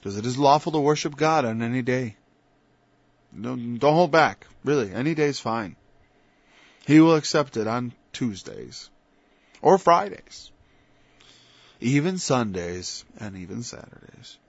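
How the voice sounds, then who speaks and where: A man's voice: mid-range voice, lively intonation, unhurried, gravelly, pauses often, no echo. A man preaching an informal Bible-study sermon. He talks conversationally, stops and restarts, then builds to emphatic peaks. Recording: dull lo-fi dry recording.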